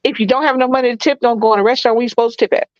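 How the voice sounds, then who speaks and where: A woman's voice: a little high, fairly even intonation, very fast, darkish tone, dry recording, muffled recording. A woman with a Southern accent co-hosting a casual live stream, talking bluntly and emphatically, often repeating herself. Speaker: co-host.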